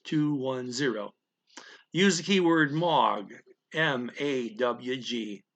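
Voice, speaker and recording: Gravelly man explaining a language lesson. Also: medium pitch, slow pace, a bit bright, lo-fi sound. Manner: explains step by step, often checks with "okay?" and "right?". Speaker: language teacher. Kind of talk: casual spoken language lesson.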